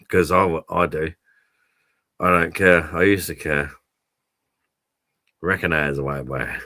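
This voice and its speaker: A man's voice: low-pitched, bright, forceful tone, no echo. A man hosting a casual live stream, chatting to viewers and swearing freely.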